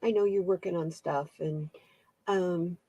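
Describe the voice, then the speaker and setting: A woman's voice: fairly low pitch, fairly even intonation, measured pace, warm tone, no echo, dull audio. A woman hosting a casual live-stream tarot reading, chatting with her viewers, laughing often and reading their comments aloud. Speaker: tarot reader and channel host.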